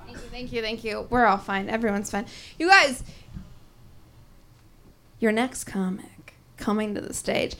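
A woman's voice: fairly high pitch, steady tone, unhurried, pauses often, a bit bright. A woman hosting a comedy show, breezily introducing the next comic. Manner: breezy, introducing acts off-mic. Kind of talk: emcee patter. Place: comedy club. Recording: distant mic with faint noise.

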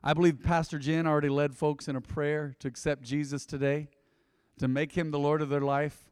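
A man preaching a sermon, telling stories and asking his congregation questions in an animated way. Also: on the high side, brisk, clear, resonant tone, studio quality. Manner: animated storytelling, lively asides to congregation. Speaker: pastor. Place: church sanctuary. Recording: long reverb in a hall.

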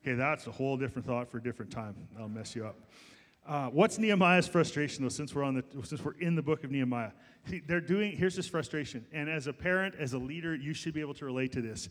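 A man's voice: mid-range voice, expressive, quick pace, big-room sound. A male pastor preaching a sermon in a church, emphatic and rhetorical, stretching out the words he stresses. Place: church sanctuary.

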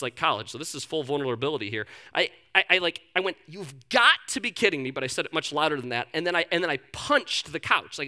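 A man's voice: a little high, bright, forceful tone, smooth. A man in his thirties, a pastor preaching a sermon in a conversational way, telling stories about himself and repeating key phrases for emphasis. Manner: conversational, self-deprecating storytelling with emphatic repetition.

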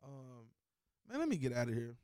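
A young man hosting his own show, switching between heated profane rants and low-key asides. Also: wildly swooping pitch, normal speed, mellow, smooth, no room sound, clean studio sound. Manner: heated, profane, emphatic repetition; low-key, trailing off, mumbling. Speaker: podcast host. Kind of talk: casual rant and commentary.

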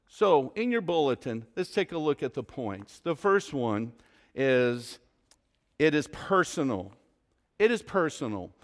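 A man's voice: on the high side, animated, unhurried. A man preaching a sermon to his congregation as pastor, repeating and varying his questions with dramatic emphasis. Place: church sanctuary.

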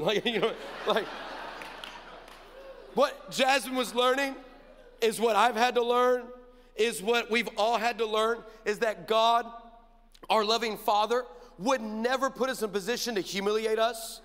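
A man preaching a sermon, telling a story and acting out the dialogue with animated energy. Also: high voice, unhurried, long pauses, clean tone. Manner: animated, acts out dialogue, builds to shouted preaching. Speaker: pastor. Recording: long hall reverb.

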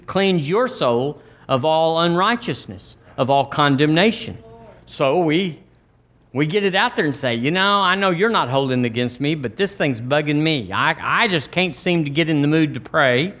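A man's voice: a little high, a bit bright. Folksy preacher man. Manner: folksy, conversational preaching with quick asides. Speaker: pastor. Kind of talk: sermon.

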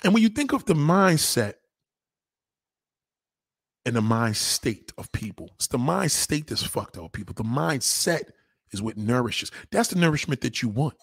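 A man's voice: medium pitch, moderate pace, breathy edge, no room sound. A man ranting and telling a story in casual, profane slang, acting out the voices. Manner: loud, animated, swears constantly, acts out voices. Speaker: vlogger.

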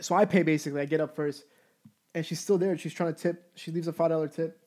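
A young man in his twenties with a voice pitched a touch high tells a story casually. He is blunt and profane, and he talks in an animated, offhand way. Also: fast talker. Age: 20s. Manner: candid, profane, animated anecdote.

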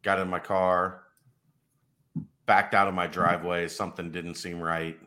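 A man's voice: deep voice, level tone, unhurried, sharp tone. A man co-hosting a casual sports podcast, telling stories with a joking manner and laughing often. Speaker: podcast co-host.

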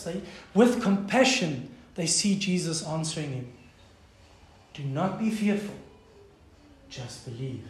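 A man with a South African accent preaching a sermon, passionate and then hushed by turns. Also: sits high, reverberant, low-quality recording. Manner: impassioned preaching, swinging from loud to hushed. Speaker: pastor.

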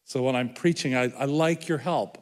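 A man's voice: mid-range voice, moderate pace. A man from Ireland with an Irish accent, preaching a sermon as a guest speaker in a chatty, self-deprecating, joking way. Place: large church hall. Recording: long hall reverb.

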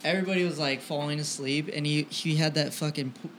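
A man's voice: fairly high pitch, steady tone, fast, fairly bright tone, slight background noise, poor audio. A young man co-hosting a podcast, chiming in with short quips and laughing often. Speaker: podcast co-host. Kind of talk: casual chat.

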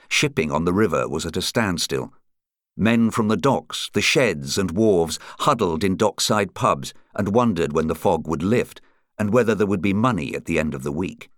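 A man narrating a true-crime audiobook in a measured, atmospheric reading style. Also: sits low, no echo, clean studio sound.

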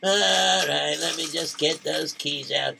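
A man's voice: fairly high pitch, steady tone, slow, gravelly, noisy background, heavily acted. A man voicing a pushy, blustering landlord. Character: pushy middle-aged male landlord.

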